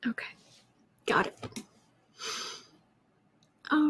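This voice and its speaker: A woman's voice: sits high, fairly even intonation, slow, creaky, long pauses, breathy edge. Chatty woman reading viewer questions. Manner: chatty, reads out questions, talks to her cat in a soft baby voice. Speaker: tarot reader taking viewer questions. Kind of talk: casual livestream chat.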